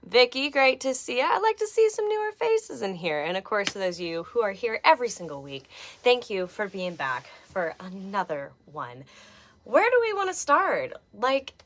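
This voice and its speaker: A woman's voice: medium pitch, sharp tone. A woman hosting a live stream, chatting casually and greeting viewers by name in a bubbly way. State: slightly out of breath. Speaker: livestream host.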